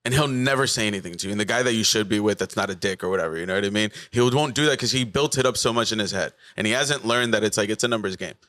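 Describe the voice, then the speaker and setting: Animated male comedian storyteller. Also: lowish voice, very fast, few pauses. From South Florida. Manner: animated storyteller, acts out dialogue. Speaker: comedian guest. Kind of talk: casual podcast chat.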